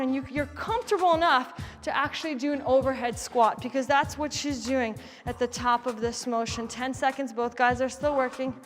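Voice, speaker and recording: A woman's voice: high-pitched, long reverb tail. A woman fitness instructor leading a live kettlebell class, counting down reps and cueing moves while demonstrating. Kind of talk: live workout class coaching.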